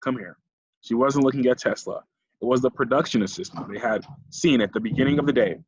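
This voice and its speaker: A man narrating an audiobook in a steady storytelling way. His voice is husky and mid-pitched, and the dry recording sounds dull. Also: quick pace, dry recording. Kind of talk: audiobook reading.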